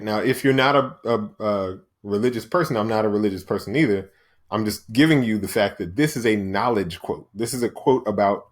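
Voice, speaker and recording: A man hosting a motivational podcast, talking in an emphatic monologue and often tagging his points with "right?". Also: on the low side. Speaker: podcast host.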